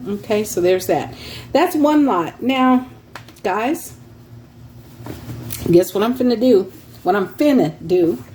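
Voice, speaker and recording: Woman, unhurried seller's chatter, light room hum behind, laughs between items. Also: medium pitch, animated, darkish tone. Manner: chatty, laughs often, reads titles aloud as she browses. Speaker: online craft seller. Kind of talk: casual show-and-tell sales vlog.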